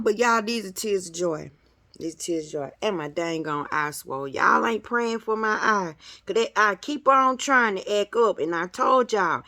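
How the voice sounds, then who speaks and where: Bright, lively woman chatting to viewers. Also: mid-range voice, no room sound, studio quality. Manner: animated, playful, talks straight to viewers. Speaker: vlogger. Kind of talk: casual chat to viewers. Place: at home indoors.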